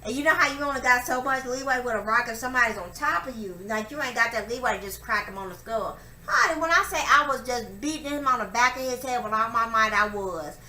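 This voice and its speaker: A woman's voice: a little high, lively intonation, fast talker, few pauses. Profane, emphatic woman storyteller. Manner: profane, emphatic, acts out quotes loudly. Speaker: vlogger telling a personal story. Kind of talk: candid storytelling monologue. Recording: echoey room with faint ambient noise.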